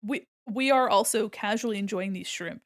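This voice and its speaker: A woman's voice: mid-range voice, normal speed, no room sound, clean studio sound. An American woman with a neutral General American accent, chatting casually with viewers while drawing on stream, rambling and laughing often. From United States. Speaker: art streamer.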